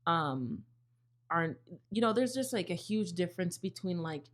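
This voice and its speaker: Chatty young woman co-hosting, low voice. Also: animated, measured pace. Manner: candid, chatty, swears freely. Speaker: podcast co-host, bartender. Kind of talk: casual chat.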